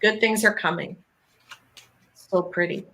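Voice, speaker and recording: A woman's voice: fairly low pitch, unhurried, pushed and bright, low-quality recording. A woman from Canada co-hosting a casual chat, upbeat and encouraging as she reads a card. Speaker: co-host tarot reader.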